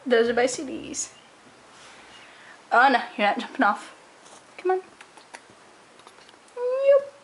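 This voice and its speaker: A woman filming her pet at home, cooing softly and affectionately at it. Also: on the high side, huge pitch swings, slow, long pauses. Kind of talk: casual home video.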